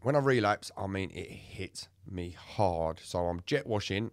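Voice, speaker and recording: On a laid-back podcast, this co-host recounts something that happened to him, swearing freely and telling it with candor and animation. He speaks at a measured pace in a low voice, with clean studio sound and no room noise.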